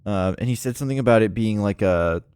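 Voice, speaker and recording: A man's voice: fairly low pitch, fast talker, a little mellow, clear, resonant tone, no room sound. A man livestreaming a puzzle game, chatting casually and rambling with lots of ums and frequent laughs. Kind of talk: casual live-stream chat.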